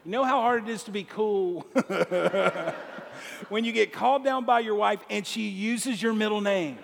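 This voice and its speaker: A man speaking to a congregation, telling a comic story in a lively way and laughing along as he goes. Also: sits high, measured pace, creaky, long reverb tail. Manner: animated, laughs through his own story. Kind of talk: comedic storytelling sermon.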